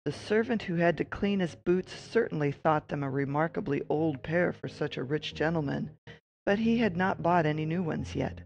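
A narrator reading a classic fairy tale aloud at a measured storytelling pace. The voice sits at a middling pitch with a gravelly edge, now and then breaking into a lively exclamation. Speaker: audiobook narrator.

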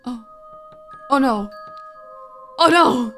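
High-voiced woman gaming over game music. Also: drawn-out words. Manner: animated, jokey, reacting loudly to scares. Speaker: gaming streamer. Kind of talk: let's play commentary.

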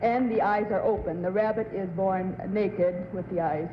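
A woman contestant on a game show, answering a question slowly and carefully. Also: mid-range voice, steady tone, slight background noise. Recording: echoey, muffled 1960s broadcast audio.

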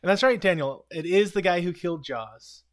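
A man hosting a casual live stream, retelling a TV episode scene by scene with quick quoted lines and frequent chuckles. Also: sits high. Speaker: live commentary host.

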